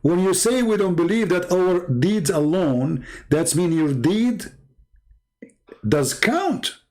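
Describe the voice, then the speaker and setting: Combative man, rather high voice. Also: lively intonation, darkish tone. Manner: mocking, argumentative, rapid-fire rhetorical questions. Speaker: livestream debate host. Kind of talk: combative livestream commentary.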